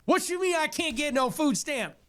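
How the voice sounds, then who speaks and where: A man's voice: very high voice, expressive, normal speed, a bit bright, pitched above the performer's own voice. Man doing a whiny, pleading store shopper. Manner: whiny, pleading, mocking caricature. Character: exasperated woman at store checkout, shouting.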